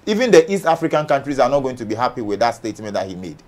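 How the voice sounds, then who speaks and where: A man's voice: medium pitch, sing-song, racing. A man from Ghana on an entertainment panel, arguing heatedly and firing off rhetorical questions. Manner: forceful, argumentative, rhetorical questions.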